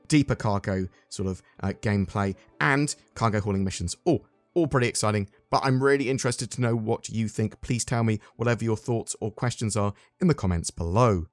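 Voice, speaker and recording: A man's voice: fairly low pitch, darkish tone. An English man hosting a casual gaming news roundup, chatty and loose, often hedging with filler words. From England. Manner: chatty, hedges with "sort of" and "um".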